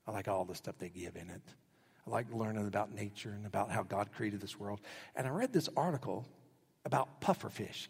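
A middle-aged male pastor preaching a sermon, telling stories animatedly and acting out quotes with sudden jumps in pitch. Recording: husky voice with long hall reverb.

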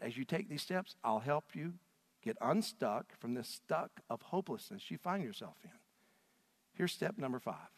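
A middle-aged man preaching a sermon as pastor, animated and rising to loud, emotional peaks as he reads scripture aloud. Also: medium pitch. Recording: long hall reverb.

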